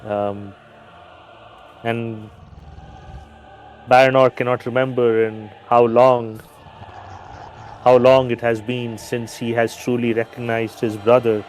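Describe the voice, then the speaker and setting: A man playing a tabletop game, narrating his character in a halting way. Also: mid-range voice, level tone, a little mellow, soft background music. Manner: halting, filler-heavy. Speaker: player.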